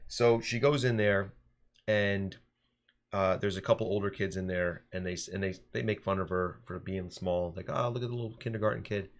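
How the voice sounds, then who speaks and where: A man in his thirties, a teacher co-hosting a casual podcast, telling stories in an animated way with frequent restarts. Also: low voice, normal speed.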